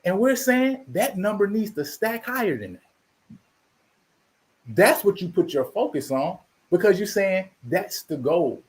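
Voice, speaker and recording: A man's voice: high voice, very animated, measured pace. A man hosting his channel, delivering an emphatic, preachy commentary monologue and repeating himself for emphasis. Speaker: channel host.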